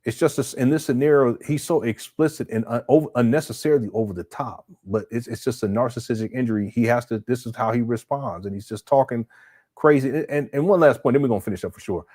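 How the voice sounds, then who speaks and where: A man's voice: medium pitch, quick pace, darkish tone. Chatty man hosting a live stream. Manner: talks off the cuff, stammers and repeats words; reads viewer comments aloud and reacts. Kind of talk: casual live stream commentary. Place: home setup.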